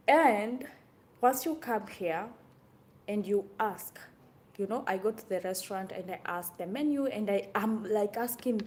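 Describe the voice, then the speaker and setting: A young woman from Kenya chatting to camera in a casual vlog, animated and exclaiming often. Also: medium pitch, a little slow. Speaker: vlogger.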